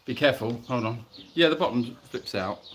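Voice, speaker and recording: A man's voice: medium pitch, brisk, heavy background noise. A man co-hosting a casual live Q&A stream outdoors at an animal sanctuary, jokey and teasing as he reads out viewer comments.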